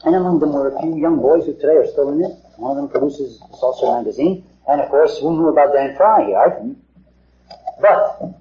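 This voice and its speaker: A man's voice: on the high side, lively intonation, a little fast. A middle-aged man giving an earnest talk to a small group, asking rhetorical questions and repeating himself. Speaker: lecturer. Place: meeting hall. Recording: echoey hall, dull 1950s tape.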